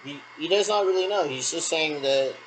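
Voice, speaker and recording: A man's voice: on the high side, moderate pace, a bit bright, slight background noise, poor audio. A man in a rambling solo monologue who repeats himself and answers his own questions.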